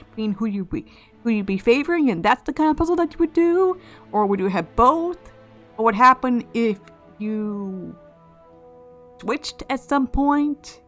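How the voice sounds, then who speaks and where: A woman with a fairly high voice gives casual gameplay commentary, thinking out loud and turning ideas over as she goes. She often restarts phrases mid-thought. Faint music plays under her voice. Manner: musing, speculative, with frequent restarts. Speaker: let's play host.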